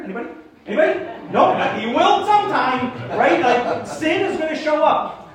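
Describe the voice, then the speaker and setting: High-voiced emphatic preacher in roomy hall. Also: male voice, normal speed. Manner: animated, emphatic, asks the congregation questions. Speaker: pastor. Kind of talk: sermon. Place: church hall.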